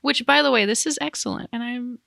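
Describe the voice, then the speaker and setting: Gravelly, bright-voiced woman chatting. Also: on the high side, brisk, no echo, clean studio sound. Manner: chatty, laughs often. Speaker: podcast co-host. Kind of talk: casual chat.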